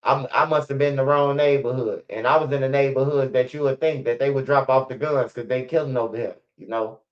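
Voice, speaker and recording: A man's voice: medium pitch, steady tone, fairly quick. A middle-aged man with a Chicago accent, telling stories in a rambling, profane street-talk monologue. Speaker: storyteller. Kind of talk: casual storytelling monologue. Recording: slightly muffled lo-fi recording.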